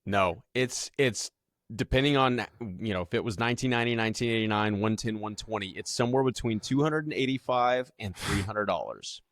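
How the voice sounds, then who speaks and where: Man, podcast co-host, casual chat, animated, dry close sound. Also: on the low side, fairly quick, no room sound. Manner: animated, thinks aloud with many restarts.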